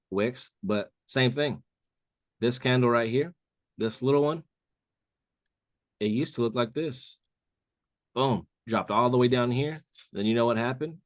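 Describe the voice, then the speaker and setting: Recorded at studio quality with no room sound, a medium-pitched man acts as a trading mentor on a live call. He loosely talks listeners through a trading chart, addressing them as "bro" over and over.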